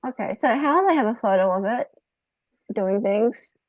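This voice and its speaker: A woman with an Australian accent hosting a casual livestream chat, bubbly and chatty with quick laughs and gasps. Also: mid-range voice, expressive, no room sound. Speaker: host. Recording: dull dry lo-fi mic.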